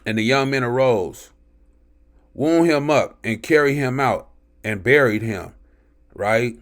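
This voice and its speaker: A man's voice: mid-range voice, slow pace. A man reading scripture aloud and commenting on it in an emphatic teaching style, often checking in with "right?" between verses.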